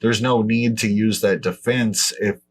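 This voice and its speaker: A man's voice: fairly low pitch, fairly even intonation, unhurried. A man co-hosting a podcast in casual chat, blunt and profane, dismissing claims outright. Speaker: podcast co-host.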